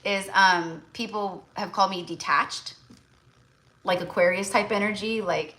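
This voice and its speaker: A woman's voice: medium pitch, fairly even intonation, measured pace, pushed and bright, low-quality recording. A woman tarot reader in casual livestream chat, blunt and chatty, full of fillers.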